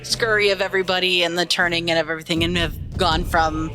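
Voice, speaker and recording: A tabletop player describing their character's reaction while thinking aloud, halting. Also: mid-range voice, little pitch movement, pushed and bright, faint music behind.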